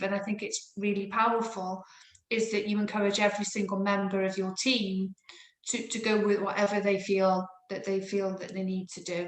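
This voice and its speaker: Reflective woman in an echoey room. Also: medium pitch. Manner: reflective, searching, with many restarts. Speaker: therapist and trainer. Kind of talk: panel discussion.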